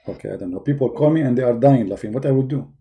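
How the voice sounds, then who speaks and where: A man's voice: medium pitch, racing, warm tone. A man hosting a call-in show, talking with a sarcastic, teasing manner and breaking into mocking sing-song.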